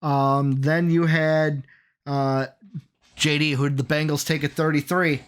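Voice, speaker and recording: A man co-hosting a sports podcast in casual chat, energetic, rattling off names and quizzing his co-host. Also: fairly high pitch, measured pace, clear, resonant tone.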